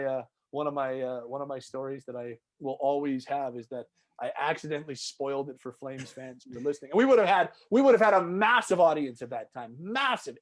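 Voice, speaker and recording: A man from Canada working as a hockey reporter, telling stories in a casual, animated podcast chat. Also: fairly high pitch. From Calgary, Canada. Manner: animated, excitable storyteller with many restarts. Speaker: hockey reporter and radio host.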